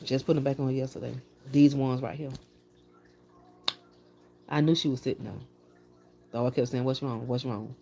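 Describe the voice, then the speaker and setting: A woman's voice: extremely low pitch, fairly even intonation, normal speed, pauses often, dark tone, slight background noise. A woman vlogging from her bedroom, chatting straight to her viewers in an exasperated, talkative way. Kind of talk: casual chat to viewers. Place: home bedroom.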